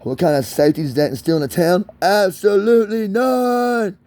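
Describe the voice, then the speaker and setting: A man's voice: a little high, rapid-fire, warm tone, no echo. A man with a speech impediment, ranting angrily in a vlog. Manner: agitated, angry ranting. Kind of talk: vlog rant.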